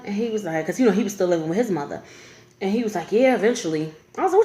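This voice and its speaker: A woman's voice: fairly low pitch, racing, a little hiss or hum. A woman, telling a personal story in a casual vlog and acting out the other voices in it. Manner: animated, laughing, acts out quoted voices. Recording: echoey room.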